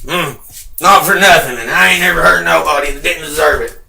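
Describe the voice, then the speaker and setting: A man's voice: a little high, fairly quick, vocal fry, roomy sound, recorded from a distance, rough recording. Profane bitter man ranting. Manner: shouting and sing-song chanting. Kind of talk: angry rambling rant to camera.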